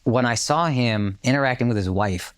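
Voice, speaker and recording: A man's voice: medium pitch, moderate pace, smooth. A man co-hosting a podcast, telling a story in casual chat, acting out the voices of people he quotes and swearing freely. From United States. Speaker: podcast co-host.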